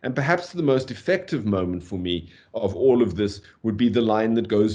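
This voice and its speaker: A man giving a university lecture on poetry, animated, tapping out rhythms aloud and saying "okay" often. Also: fairly low pitch, normal speed, few pauses. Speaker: literature lecturer.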